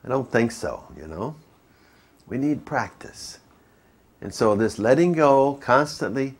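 A man preaching as a priest, telling folksy stories and often checking in with his listeners. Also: fairly low pitch. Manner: folksy, asks the audience frequent questions. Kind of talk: sermon with storytelling and jokes.

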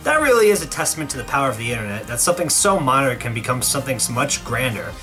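A man's voice: mid-range voice, big pitch swings, racing, pushed and bright, soft background music. A young man narrating a scripted comedic video review, sarcastic, with exaggerated outbursts.

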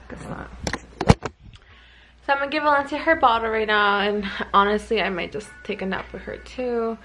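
A woman's voice: fairly high pitch, moderate pace, pushed and bright, low-quality recording. A woman vlogging casually as a mother, chatty and often saying "like". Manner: chatty, leans heavily on "like". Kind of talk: casual vlog chat. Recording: background music over voice.

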